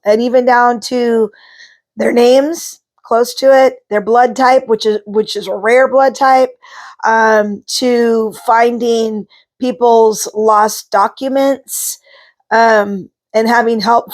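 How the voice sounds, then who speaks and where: A middle-aged woman talking casually to camera, chatty and rambling, with frequent ums and asides. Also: on the high side. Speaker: vlogger, psychic card reader.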